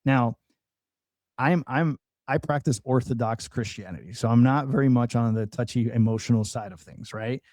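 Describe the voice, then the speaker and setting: Man telling his story in a mellow voice. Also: medium pitch, moderate pace, dry recording. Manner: earnest storytelling with many restarts and fillers. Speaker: podcast guest. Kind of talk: personal testimony in conversation.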